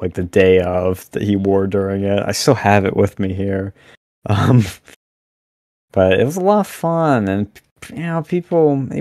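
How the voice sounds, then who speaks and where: A young man talking as a podcast guest, animated and blunt, rambling with lots of fillers over a remote mic. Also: fairly low pitch, dry recording, clean studio sound. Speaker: podcast guest, campus event organizer. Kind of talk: casual podcast interview.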